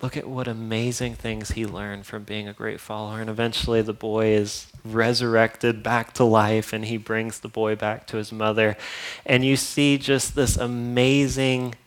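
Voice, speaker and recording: A man delivers a sermon, retelling a Bible story in plain, conversational terms and turning now and then to his listeners. His voice sits low and stays fairly level in pitch. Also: level tone, normal speed. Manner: casual, conversational storytelling with asides to the congregation. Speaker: pastor.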